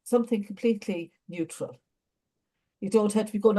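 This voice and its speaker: A woman's voice: mid-range voice, moderate pace. An Irish woman leading an online training meeting, giving chatty advice with lots of ums over a video call. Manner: chatty, warm advice with many fillers. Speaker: adjudicator training lead.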